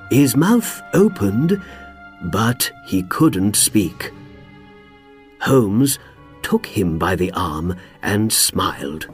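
A man narrating a graded-reader story slowly and expressively. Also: deep voice. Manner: slow, clear, expressive. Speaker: audiobook narrator. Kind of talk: scripted narration for learners.

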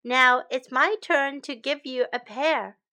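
A woman voicing a hungry, gentle male beggar who speaks politely, in a storybook reading for English learners. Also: sits high, slow, full character voice.

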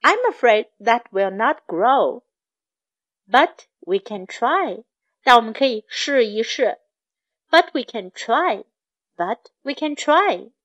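A woman reading a children's storybook aloud and tutoring, speaking clearly and repeating phrases for learners. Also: on the high side, animated, slow, a bit bright, lo-fi sound.

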